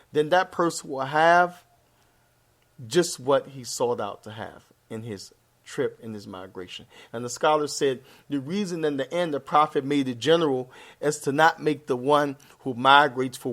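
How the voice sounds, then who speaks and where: A man teaching a religious lesson, explaining terms and mixing Arabic quotes and phrases into plain English, with fillers and self-corrections. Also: medium pitch. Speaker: Islamic teacher.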